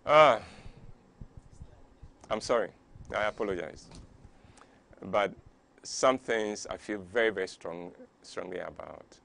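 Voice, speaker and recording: Speaking slowly in a low, creaky, slightly bright voice and pausing often, a man from Ghana hosts a talk show. In his Ghanaian English accent he gives a fervent, preachy monologue, firing off rhetorical questions and growing worked up.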